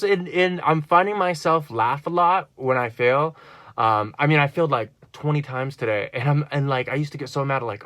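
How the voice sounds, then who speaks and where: A man's voice: mid-range voice, lively intonation, normal speed, fairly bright tone, dry recording. A man talking in a rambling personal monologue, earnest and full of fillers and restarts. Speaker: vlogger.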